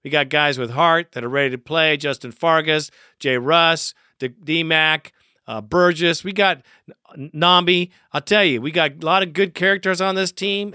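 A man hosting a sports fan podcast, talking in a fired-up, rough way, cursing and laughing often. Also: a little high, moderate pace, bright, forceful tone, dry recording, clean studio sound. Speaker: podcast host. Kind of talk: casual fan podcast talk.

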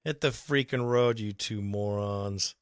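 A man's voice: fairly low pitch, unhurried, clear, resonant tone, dry recording, studio quality. A man hosting a fan podcast, ranting emphatically and with exasperation about his team's coaching. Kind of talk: ranting sports commentary.

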